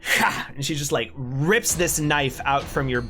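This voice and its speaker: Man, game master, casual rambling narration, music clearly behind. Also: medium pitch, measured pace. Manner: relaxed, chatty, many fillers and restarts.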